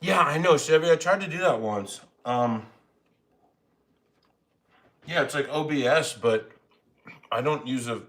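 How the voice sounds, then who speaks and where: A man's voice: a little high, unhurried, long pauses, fairly bright tone. A man hosting a live stream from home, chatting casually and rambling while he eats, with jokes at his own expense. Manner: rambling, self-mocking, chatty. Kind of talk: casual chat while eating. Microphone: phone.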